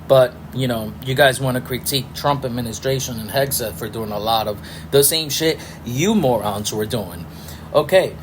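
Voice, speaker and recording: A man's voice: mid-range voice, slight background noise, low-quality recording. A middle-aged man hosting a podcast, ranting angrily with profanity and sarcastic rhetorical questions. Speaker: podcast host. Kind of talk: ranting political commentary.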